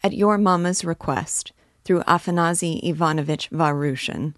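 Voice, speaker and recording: A woman voices a timid office messenger who is fussy, overly polite, and deferential. She gives him a low, natural voice at normal speed, recorded dry and close with no room sound.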